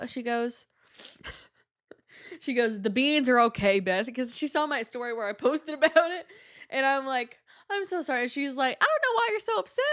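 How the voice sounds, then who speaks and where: A young woman hosting a podcast, telling a story in a chatty, animated way and acting out the voices of people she quotes. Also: on the high side. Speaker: podcast host. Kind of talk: casual storytelling monologue.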